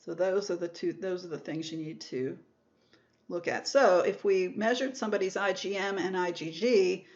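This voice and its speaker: This recorded microbiology lecture comes from a woman with a lowish voice speaking at normal speed, and the high frequencies are cut off. She works through the material step by step, rewording terms, repeating them and fixing her own slips.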